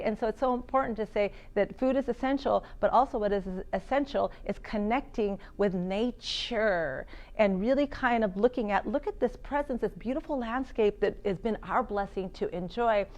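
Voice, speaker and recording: A woman's voice: fairly high pitch, moderate pace, a little mellow. A woman giving a health seminar talk to an audience. She acts out quoted voices and self-talk, and often restarts and repeats words.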